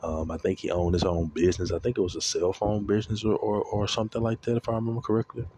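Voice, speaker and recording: A man's voice: lowish voice, level tone, fast talker, dark tone, a little hiss or hum. A man telling a story in a casual, rambling monologue, with lots of swearing and fillers. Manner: rambling, profane, heavy with fillers. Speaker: vlogger.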